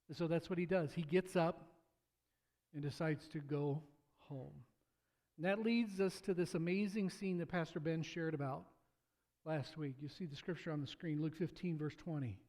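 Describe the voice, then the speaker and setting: A man's voice: on the high side, fairly even intonation, moderate pace, darkish tone. A married man preaching a sermon as pastor, telling a parable in a casual, storytelling way with stammered restarts and acted-out quotes. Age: adult, married.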